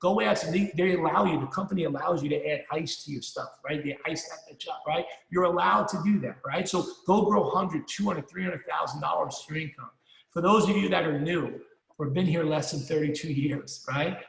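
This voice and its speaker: Middle-aged man, motivational sales speaker, punchy and rallying, gravelly edge, slightly high voice. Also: moderate pace, a bit bright. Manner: punchy, rallying, repeats himself, swears casually. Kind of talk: fired-up motivational speech. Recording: echoey hall, long reverb.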